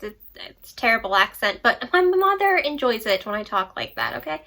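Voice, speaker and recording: A woman's voice: fairly high pitch, very animated, fairly quick, gravelly, pushed and bright. A young woman chatting casually about books she read, rambling with playful asides. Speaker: book vlogger. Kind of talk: casual book review chat.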